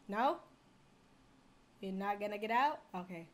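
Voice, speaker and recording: A woman's voice: medium pitch, lively intonation, a little slow, pauses often, a little mellow. A young woman playing a horror game, talking to viewers and gasping and yelping when startled. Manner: jumpy, gasps and yelps when scared. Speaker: gamer streamer.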